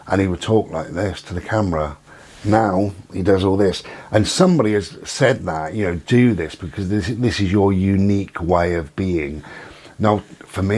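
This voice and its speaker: A man hosting his own channel, giving a rambling, conspiratorial monologue with many pauses and fillers. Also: sits low, a little mellow, husky. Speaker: channel host.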